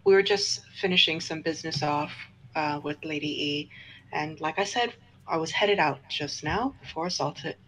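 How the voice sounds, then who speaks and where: Low-voiced woman playing a tabletop game. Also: moderate pace, a bit bright, rough recording. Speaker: player.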